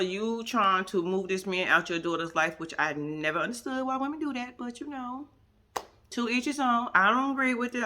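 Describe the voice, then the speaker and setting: A woman's voice: mid-range voice, fairly bright tone. A woman casually recapping a reality show, blunt and profane, laughing often and mimicking the people she talks about.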